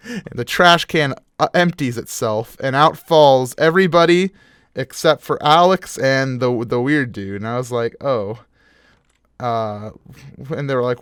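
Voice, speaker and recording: Animated young man telling a dream story. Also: mid-range voice, no echo, clean studio sound. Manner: animated, laughing storyteller with frequent fillers. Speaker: gaming video host. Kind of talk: casual storytelling while playing a game.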